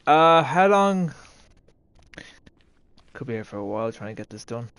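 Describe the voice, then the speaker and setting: A man's voice: mid-range voice, big pitch swings, moderate pace, fairly bright tone, clear, resonant tone, no echo. A man streaming a game, chatting casually with friends and bursting into laughs and swearing. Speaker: livestream gamer. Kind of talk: casual gaming stream chat.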